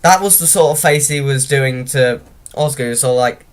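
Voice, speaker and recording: Young guy gushing about an episode, mid-pitched voice, keeps restarting sentences, casual review chat. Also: moderate pace. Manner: enthusiastic, rambling with frequent restarts.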